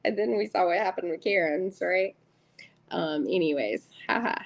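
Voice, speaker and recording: Chatty woman with a gravelly voice. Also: fairly low pitch, normal speed, rough recording. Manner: chatty, giggly, greets viewers by name. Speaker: tarot reader and live stream host. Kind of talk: casual live-stream chat.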